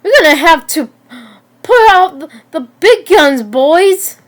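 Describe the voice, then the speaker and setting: A woman voicing a greedy, scheming man who runs dog fights, loud and excited, in an amateur story reading where she stumbles over words. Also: very high-pitched, takes it slowly, pitched above the performer's own voice, full character voice.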